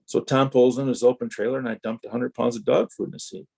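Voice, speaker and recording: Quick-paced and mid-range, the man's voice is gravelly and slightly rough. The middle-aged ex-racer from Wisconsin is a podcast guest, animatedly rambling through racing stories and performing the exchanges he quotes.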